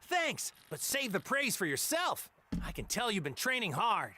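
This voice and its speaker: A man's voice: high voice, wildly swooping pitch, normal speed, sharp tone, slight background noise, exaggerated voice. An actor playing a cheerful, easygoing young male fighter in a video game. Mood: friendly. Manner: casual, friendly, carefree. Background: game music.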